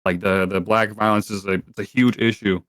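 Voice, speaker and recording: A man's voice: fairly low pitch, fairly even intonation, normal speed, fairly bright tone, dry recording, clean studio sound. A young adult man talking as a podcast guest in a rambling, profane way, full of filler words. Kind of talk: casual podcast chat.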